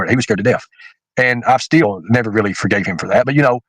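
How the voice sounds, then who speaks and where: A man's voice: mid-range voice, very fast, fairly bright tone, dry recording, poor audio. A man, a livestream host rambling in casual chat with fillers and restarts.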